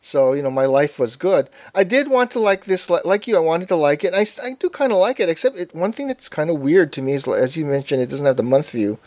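A man with a slightly high voice chats casually about apps and software, drifting through asides as he goes. His delivery is easygoing and rambling. The sound is dry and close, with no room echo. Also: expressive, fast talker, few pauses. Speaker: podcast co-host. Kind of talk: casual tech chat.

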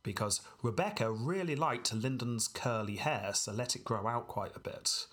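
A man's voice: medium pitch, normal speed, fairly bright tone. A man co-hosting a podcast, casually narrating history with a dry, wry humor and frequent laughs. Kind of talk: casual storytelling chat.

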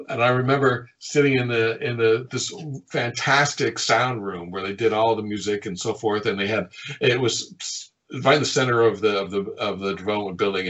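A middle-aged man, a game designer, telling stories from his past work in a lively way, often chuckling and acting out what people said. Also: lowish voice, highs cut off. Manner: lively storyteller who chuckles often and acts out quotes. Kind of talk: reminiscing anecdotes in an interview.

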